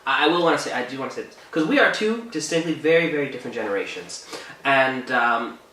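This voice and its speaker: A young man from Canada co-hosting a casual talk show, chatting in an animated, playful way. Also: mid-range voice, fast, slight background noise. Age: young adult. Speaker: podcast co-host. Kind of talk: casual chat. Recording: echoey room, mic at a distance.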